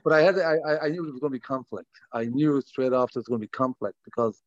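A man hosts a podcast and talks in a rambling, loose way. His voice sits at a middle pitch. The recording is dull and dry, with no room sound. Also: fast, no room sound. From Ireland. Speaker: podcast host. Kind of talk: casual podcast interview.

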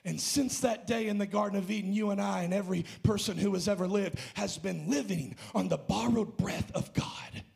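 A male pastor preaching an impassioned sermon in a church, rising to shouts and then dropping low. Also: moderate pace, creaky, hardly any pauses.

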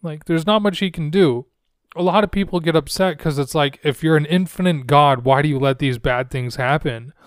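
A man's voice: on the high side, moderate pace, clear, resonant tone, no echo. A young man hosting a solo podcast, talking earnestly and searchingly into a close microphone. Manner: earnest, searching, soft-spoken. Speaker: podcast host. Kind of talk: solo reflective podcast talk.

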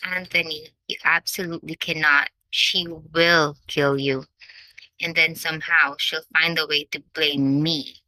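Brief: a woman playing a sharp, wry young lady, bright tone, low-ish voice, audiobook. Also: steady tone, unhurried, no room sound, low-quality recording. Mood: exasperated. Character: quick-witted exasperated young lady.

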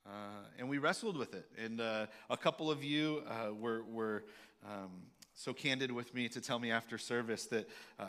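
A male pastor giving a sermon in a candid, halting way, with many fillers and restarts. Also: medium pitch, animated, fairly bright tone.

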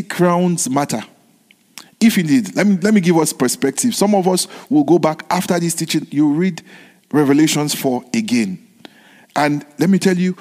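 A man's voice: fairly high pitch, a little mellow. A male preacher delivering a sermon in a slightly raised voice, leaning on repetition and calling out to his listeners for a response. His voice rings with the long reverb of a large hall.

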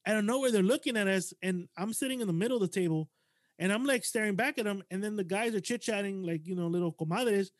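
A man's voice: high voice, fast talker, no echo, studio quality. A man hosting a podcast, chatting casually and telling stories with a lot of cursing. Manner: profane, animated storyteller. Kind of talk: casual chat.

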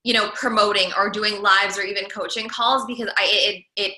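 A woman's voice: medium pitch, fairly even intonation, moderate pace, bright, forceful tone, reverberant, low-quality recording. A woman entrepreneur and coach talking casually as a podcast guest, full of "like"s and restarts. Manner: chatty, many "like"s and restarts.

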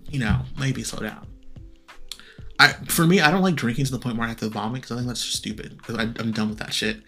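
A young man talking fast and loose on a casual podcast, rattling through stories. His pitch sits in an ordinary middle range, with light music faint behind him. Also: pushed and bright. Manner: fast storytelling, acts out quoted voices. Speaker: podcast co-host. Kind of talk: casual chat.

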